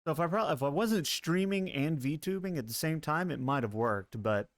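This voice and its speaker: A man streaming live gameplay, chatting casually with his viewers, quick to laugh and curse at what happens on screen. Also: a little high, no echo. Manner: excitable, laughs and swears at the game.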